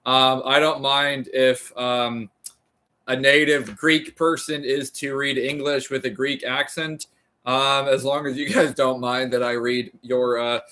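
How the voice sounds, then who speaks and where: Slow, careful American man reading aloud. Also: mid-range voice, little pitch movement, pushed and bright. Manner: careful, halting reading that stops and restarts on difficult words. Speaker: livestreamer reading a classic text aloud. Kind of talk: reading aloud on a livestream, chatting with viewers.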